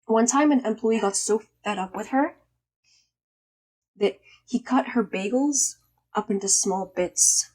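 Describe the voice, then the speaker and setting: A young woman telling a story in a casual vlog, emphatic and swearing freely, her voice still a little hoarse from being sick. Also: on the high side, unhurried, long pauses, darkish tone. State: slightly hoarse after illness. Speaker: vlogger.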